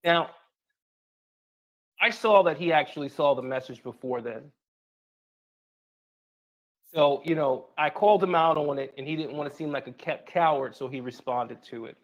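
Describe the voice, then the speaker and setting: A man recounting events and reading out messages in a plain, slightly halting way. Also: a little high, fairly bright tone, highs cut off.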